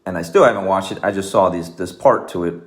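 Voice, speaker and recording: Man, low voice, coach, casual earnest talk, rambling, lots of fillers. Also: fast. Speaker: martial arts coach.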